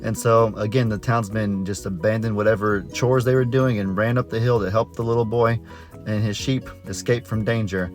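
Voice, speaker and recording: A man's voice: on the low side, steady tone, normal speed, faint music behind. A man who is a farmer vlogger, telling a story in a chatty, folksy way with frequent self-corrections. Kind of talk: casual storytelling vlog.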